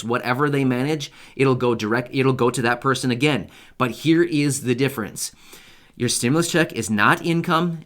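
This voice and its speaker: Speaking straight to his viewers, a channel host gives a casual explainer, chatting conversationally and repeating key points for emphasis. His voice sits in the mid range with a fairly bright tone.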